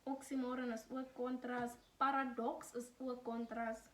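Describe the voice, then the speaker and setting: A woman's voice: on the high side, flat delivery, moderate pace, fairly bright tone. A young woman from South Africa giving casual study tips, chatty and laughing, mixing English with Afrikaans. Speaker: student tutor. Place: home room during load shedding. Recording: echoey room, mic at a distance.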